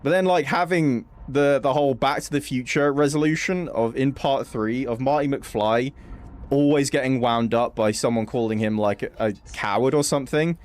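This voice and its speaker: A young man chatting casually and swearing freely while streaming a game. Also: moderate pace. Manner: chatty, swears casually, animated jumps in pitch. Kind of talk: casual gaming stream chat.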